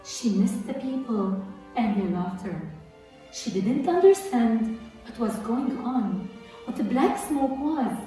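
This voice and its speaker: A teacher reading a children's story aloud slowly and softly. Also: female voice, fairly high pitch, lively intonation. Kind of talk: storybook narration. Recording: echoey room, far from mic, faint music.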